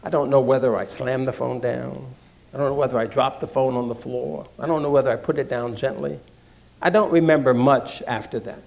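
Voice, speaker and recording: A man from Washington, D.C., telling an audience his own story in a deliberate, measured way, repeating phrases for emphasis. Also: medium pitch, steady tone, vocal fry, darkish tone. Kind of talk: measured personal talk to an audience.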